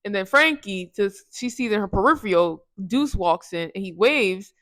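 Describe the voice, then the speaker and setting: A woman's voice: mid-range voice, animated, normal speed, fairly bright tone, dry recording. Slangy rambling woman recapping a movie. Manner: rambling, slangy, self-correcting with restarts and laughs. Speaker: movie reviewer.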